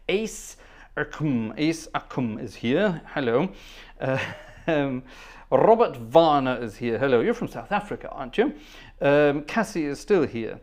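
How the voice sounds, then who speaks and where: Chatty man greeting livestream viewers. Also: medium pitch. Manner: chatty, humming and trailing off between greetings. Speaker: livestream organ concert host. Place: at the organ console.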